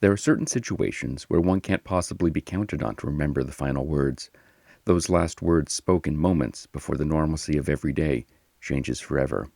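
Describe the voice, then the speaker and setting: A man narrating a history podcast in a measured, solemn scripted style. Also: extremely low pitch, creaky, a little mellow, no room sound.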